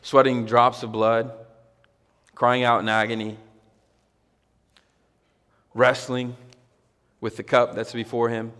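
A man's voice: medium pitch, little pitch movement, slow pace, pauses often, fairly bright tone, long reverb tail. A male pastor preaching a sermon to his congregation, talking conversationally and building to emphatic, repeated exclamations. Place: church hall with a congregation.

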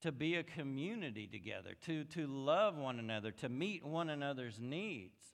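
A man preaching a sermon as pastor, moving from quiet reflection to emphatic, rising passages. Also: medium pitch, lively intonation, normal speed, gravelly. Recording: long hall reverb.

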